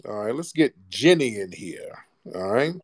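A man's voice: lowish voice, animated, a little slow. A man hosting a live call-in talk space, talking in a blunt, profane and fired-up way. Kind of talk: heated call-in talk show.

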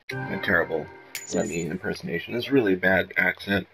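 A man's voice: sits low, brisk, gravelly, pushed and bright, soft background music, low-quality recording. A man hosting a gaming video, rambling casually and self-mockingly with plenty of swearing. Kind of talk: casual gameplay commentary.

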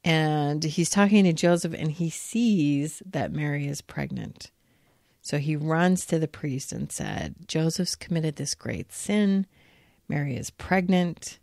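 Gravelly low woman reading scripture. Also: a little mellow, no echo, clean studio sound. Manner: reflective, reads quoted lines with lifted emphasis. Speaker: podcast host.

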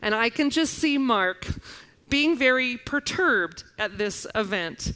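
A woman in her forties preaching a sermon, telling stories and reading scripture with lively expression. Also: a little high, takes it slowly. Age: 40s. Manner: animated storytelling, reading scripture aloud. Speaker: guest preacher.

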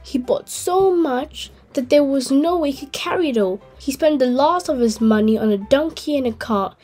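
A woman hosting a channel and reading a children's story aloud in a gentle, clear way. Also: high-pitched, animated, moderate pace, soft background music. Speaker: host and storyteller.

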